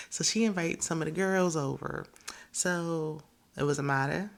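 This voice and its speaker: A woman's voice: sits low, unhurried, gravelly. A woman hosting a reality TV recap, chatting casually and gossiping with frequent laughs. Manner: gossipy, animated, laughs often, quotes people in voices.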